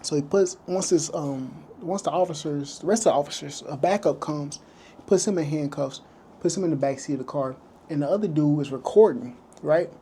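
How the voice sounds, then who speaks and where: Guy vlogging, casual storytelling, kinda higher voice, acts out the quotes. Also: a little fast, mellow, slight background noise. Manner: retells events loosely, acting out quoted lines.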